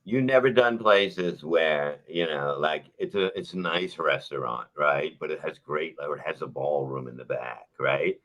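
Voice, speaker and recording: A man's voice: extremely low pitch, measured pace, few pauses, a bit bright. A man co-hosting a comedy podcast, telling rambling stories with heavy swearing. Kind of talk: casual storytelling.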